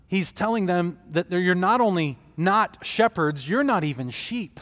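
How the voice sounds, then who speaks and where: A man preaching a sermon in a slow, measured cadence, leaning hard on key phrases. His voice sits fairly high for a man and carries a long reverb from a large hall. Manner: slow, emphatic preaching with deliberate pauses. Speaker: pastor.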